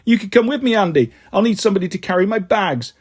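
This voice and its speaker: A man's voice: high voice, lively intonation, fast talker, breathy edge, voice pushed up. Man doing a cocky, breezy young friend.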